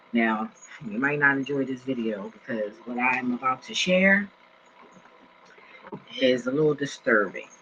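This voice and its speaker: A man's voice: mid-range voice, pushed and bright, a little hiss or hum. A man in his forties talking to his viewers in a slangy, rambling vlog style, often getting sidetracked at home. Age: 40s. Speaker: vlogger. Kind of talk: casual vlog talk. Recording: dull lo-fi recording.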